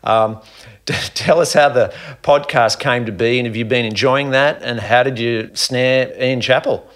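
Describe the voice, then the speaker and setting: A man's voice: mid-range voice, steady tone, unhurried, fairly bright tone. A middle-aged Australian man hosting a podcast, talking in a friendly, matey way. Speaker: podcast host. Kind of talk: casual chat.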